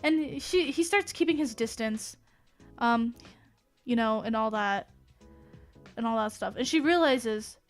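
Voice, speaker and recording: A woman streamer recapping an anime in a rambling, excited way, full of fillers and asides. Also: a little high, unhurried, pauses often, faint music behind. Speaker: VTuber streamer. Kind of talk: casual stream chat.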